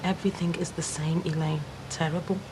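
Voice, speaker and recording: An actress playing a weary, curt sister in a soap opera. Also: female voice, sits low, little pitch movement, a little fast, noisy background, lightly acted.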